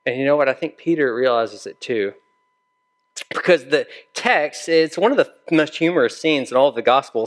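A man's voice: fairly high pitch, a bit bright. A man preaching a sermon in a conversational storytelling way, acting out the dialogue of the people in his story. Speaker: pastor.

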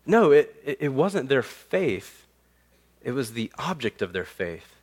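Animated male preacher in a sermon. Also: a little slow. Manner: animated, rising for emphasis and dropping to quiet low endings; conversational storytelling with fillers. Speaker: pastor.

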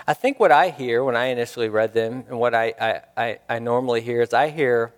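A man's voice: mid-range voice, fairly quick, few pauses. A man preaching a sermon, earnest and searching, asking the congregation questions and repeating key lines for emphasis. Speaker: pastor. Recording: long hall reverb.

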